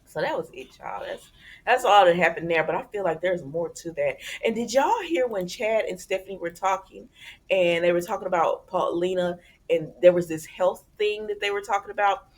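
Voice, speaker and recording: A woman with a slightly low-pitched voice hosts a casual soap opera recap. She talks straight to her viewers in a loose, gossipy way. She keeps slipping into the characters' lines as she retells each scene. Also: lively intonation, moderate pace. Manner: chatty, conversational, addresses viewers as y'all.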